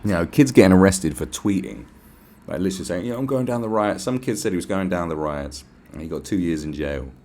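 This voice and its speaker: Gravelly, animated British man ranting. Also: sits low, a little fast. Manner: profane, ranting, sarcastic. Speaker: podcast host. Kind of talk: casual podcast rant.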